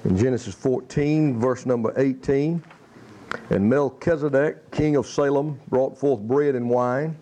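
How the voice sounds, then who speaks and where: A man preaching a sermon, reading scripture slowly and then explaining it in plain, emphatic spoken style. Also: mid-range voice, mellow.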